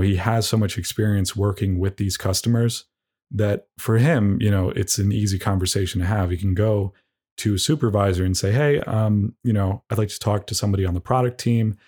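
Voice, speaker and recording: A young man delivering a rambling, deadpan comedic monologue as a podcast host, tossing in mock insults. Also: on the low side, husky.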